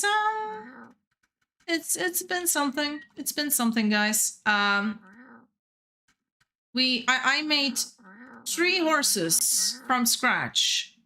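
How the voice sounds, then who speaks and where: Young woman, game streamer, rambling casual chat, bright tense tone, a bit high. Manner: rambling, chatty, laughs often. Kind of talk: casual chat while gaming.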